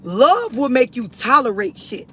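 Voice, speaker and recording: A man's voice: extremely high pitch, sing-song, a little slow, husky. A man hosting a livestream, delivering a blunt, profane, preachy rant straight at his viewers on a phone from inside a vehicle. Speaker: livestream host. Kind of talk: ranting livestream monologue.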